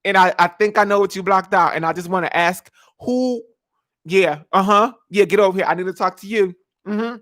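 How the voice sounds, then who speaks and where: Woman in her 20s, lively dramatic vlogger chatting to camera. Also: medium pitch, moderate pace. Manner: animated, dramatic, laughs often, sings snippets. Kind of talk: casual chat.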